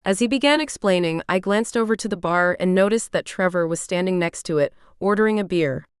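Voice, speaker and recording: A woman reading a first-person romance audiobook aloud in a steady, even way. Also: lowish voice, fairly quick, clear, resonant tone, no echo, studio quality. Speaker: audiobook narrator.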